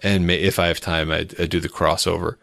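A man with a low, gravelly voice in a casual podcast chat, recorded close and dry. He talks with enthusiasm, exaggerates freely and his pitch leaps up when something amazes him. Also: level tone, quick pace, fairly bright tone, no room sound. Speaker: podcast co-host.

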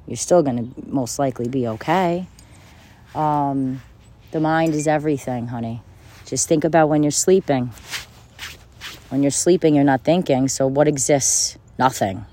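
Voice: mid-range voice, normal speed, warm tone. A self-help speaker giving a casual motivational monologue, talking bluntly and repetitively, with frequent swearing and bursts of laughter.

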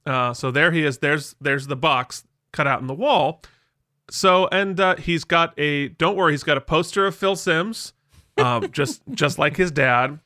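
Chatty bright-voiced man, podcast co-host. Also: on the high side, measured pace, no room sound, studio quality. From Vermont. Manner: chatty and self-deprecating, many fillers. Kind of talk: casual podcast chat.

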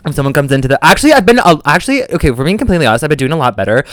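A man's voice: on the high side, very fast, no echo. A young man co-hosting a podcast, telling a story in casual chat and acting out the voices of the people in it. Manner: animated storyteller who acts out quoted voices. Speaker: podcast co-host.

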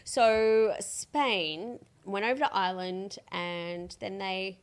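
A woman's voice: medium pitch, slow pace, smooth. Playful woman co-host. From Australia. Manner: playful, asks the audience. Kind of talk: casual chat.

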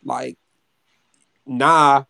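A man's voice: medium pitch, fairly even intonation, very slow, gravelly, sharp tone. A man in his twenties chatting casually as a podcast co-host, rambling, repeating words and swearing freely. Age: 20s. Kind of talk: casual chat.

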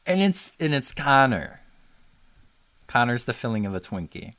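A man hosting a podcast in casual chat from his bedroom, often mumbling and trailing off softly. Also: medium pitch, big pitch swings, moderate pace. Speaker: podcast host. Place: bedroom at home.

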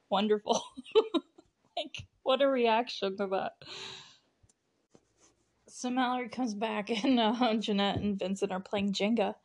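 Giggly rambling woman podcaster. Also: fairly high pitch. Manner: rambling, giggly, many fillers and restarts. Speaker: podcast host recapping a TV show. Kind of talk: casual solo recap chat.

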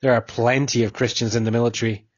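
A man's voice: medium pitch, level tone, fast talker, breathy edge, no echo, lo-fi sound, lightly acted. A man voicing a stern, cold army officer who judges a prisoner, speaking in a curt, commanding way.

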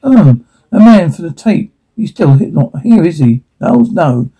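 A man reads a television script aloud, taking every part in turn and stopping now and then on a word. His voice is husky and very dark, a little high for a man. He speaks the stage directions in the same even read. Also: measured pace. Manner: plain reading with stage directions, stumbles over words. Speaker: reader of a TV episode transcript. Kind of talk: reading a script aloud, all parts.

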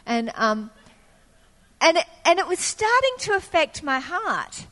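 A woman preacher delivers a sermon in a high voice. She tells personal stories and acts out what she once said. Her voice carries a long reverb from a large church hall. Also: sing-song, unhurried, a bit bright. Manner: storytelling with acted-out quotes of her younger self.

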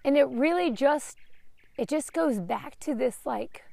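Woman podcast host in her late thirties with a higher voice and a dry, close sound, giving an open and emotional monologue. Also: animated, measured pace, creaky, mellow, no echo. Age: 30s. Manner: open, emotional, swears freely. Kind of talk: candid personal monologue.

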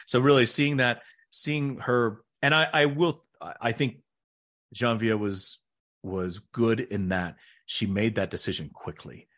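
A man's voice: mid-range voice, unhurried. A middle-aged man, an actor, telling stories in a casual interview and acting out the voices of people he quotes. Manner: animated, acts out quoted voices. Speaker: actor and guest.

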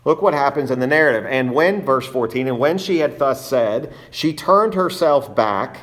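A man's voice: mid-range voice, expressive, moderate pace, fairly bright tone. A man preaching a sermon as pastor, emphatic, repeating key phrases and asking rhetorical questions.

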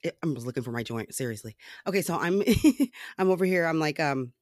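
Fairly high-pitched and expressive, the host talks fairly quickly through a casual solo political rant on his podcast. He swears a lot, leans on sarcasm, and keeps laughing and rambling with fillers. Clean studio audio, no room sound.

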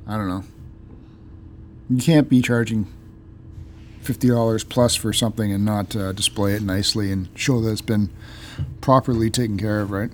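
A man's voice: fairly low pitch, fairly even intonation, normal speed, pauses often, a little hiss or hum. A man co-hosting a casual podcast, blunt and joking as he chats and reads the sign-off. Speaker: podcast co-host.

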